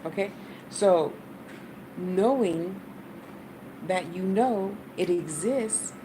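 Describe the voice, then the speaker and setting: Her voice is lowish and her delivery very slow as this American woman, host of a spiritual channel, offers viewers blunt, casual spiritual guidance peppered with swearing. She records at home, where a running fan and passing traffic make plenty of background noise.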